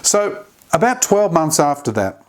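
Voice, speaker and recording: A man's voice: on the high side, very animated, measured pace. A man hosting a short daily devotional. He retells a story in an earnest way and makes small slips and restarts as he goes.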